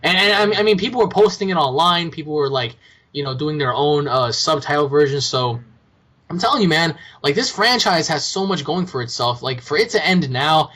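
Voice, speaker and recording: A man's voice: on the high side, lively intonation, brisk, bright, forceful tone. A young man co-hosting a casual podcast, blunt and profane, often scoffing in disbelief. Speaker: podcast co-host.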